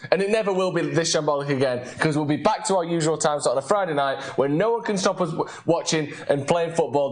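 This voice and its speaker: Brief: male streamer, fairly high voice, chatty and excitable, reads viewer comments aloud. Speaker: live stream host. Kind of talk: casual live stream chat.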